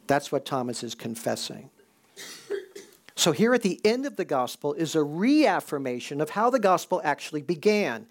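A man preaching a conversational sermon and slowing down to stress key points. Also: on the high side, lively intonation, gravelly. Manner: conversational preaching, slows for emphasis. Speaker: pastor.

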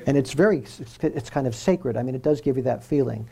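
A man's voice: mid-range voice, brisk, gravelly, mellow, breathy edge. A man preaching a sermon in an earnest way, repeating key phrases for emphasis.

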